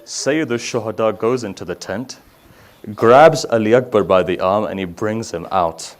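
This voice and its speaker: A man giving a mourning sermon, reciting slowly and rising to loud grieving cries. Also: fairly low pitch. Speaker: Shia religious speaker.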